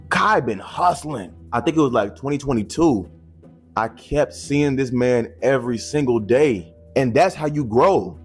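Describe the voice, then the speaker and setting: Husky-voiced man doing slangy vlog commentary. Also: medium pitch. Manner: slangy, joking, boastful asides. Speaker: YouTuber commentator.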